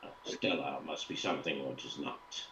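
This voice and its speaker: A man voicing a formal, cold employer who hires thieves and speaks in measured, stiff sentences without contractions. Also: rumbling low, sharp tone, slight background noise, pitched below the performer's own voice, rough recording. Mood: calm.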